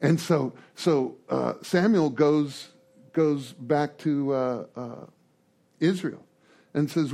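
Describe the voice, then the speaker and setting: A man's voice: a little high, takes it slowly, mellow. A middle-aged man speaking at a recovery meeting, storytelling in a rambling, conversational way with humorous asides. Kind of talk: storytelling talk to a group.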